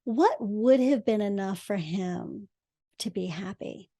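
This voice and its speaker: A middle-aged woman speaking as an interview guest, talking emphatically with lively jumps in pitch and loudness. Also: takes it slowly. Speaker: guest, real estate investor and podcast host. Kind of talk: casual interview chat.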